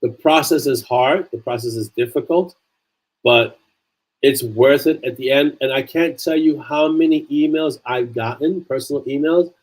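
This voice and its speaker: Male author-host, casual chat, earnest and emphatic, average pitch. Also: normal speed, rough recording. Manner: earnest, repeats phrases for emphasis. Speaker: author hosting a livestream chat.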